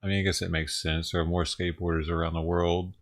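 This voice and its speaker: Ranting on his own livestream, a man talks fast in a low voice with a level tone. He's casual and profane, rambling along and chuckling as he goes.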